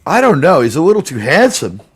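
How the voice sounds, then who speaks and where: Man, fairly high voice, joking host, laughs a lot, rambling casual chat. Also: wildly swooping pitch, a little fast, noisy background. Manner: joking, laughs often, slips into silly put-on voices.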